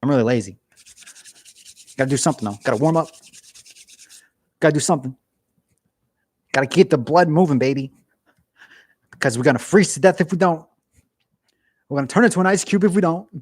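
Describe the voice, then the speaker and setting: A man's voice: on the high side, lively intonation, a little fast, pauses often, dry recording, studio quality. A man chatting on a casual livestream from his cold garage, rambling and joking at his own expense. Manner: rambling, jokey, self-mocking. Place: home garage.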